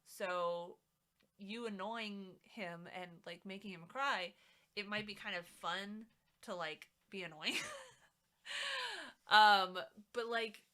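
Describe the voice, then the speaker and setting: A woman's voice: medium pitch, fairly even intonation, slow pace, long pauses, bright, forceful tone, clean tone. A woman live streamer in casual, rambling chat at her home setup, talking with lots of fillers into a mic set a little back from her mouth. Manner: rambling, chatty, many fillers. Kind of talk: casual chat while crafting. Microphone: mic set a little away from the mouth.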